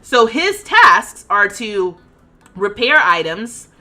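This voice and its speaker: A woman in her thirties streaming a life-sim game, ranting dramatically with loud outbursts and laughter, then settling into explanations for her chat. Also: mid-range voice, big pitch swings, takes it slowly. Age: 30s. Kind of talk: livestream gameplay commentary.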